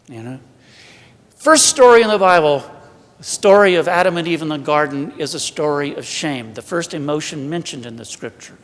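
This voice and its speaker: A man's voice: fairly high pitch, a bit bright. A man with a Southern American accent gives a conversational sermon as a priest at a church retreat, preaching in a humorous, self-deprecating way. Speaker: priest giving a retreat talk. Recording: long church hall reverb.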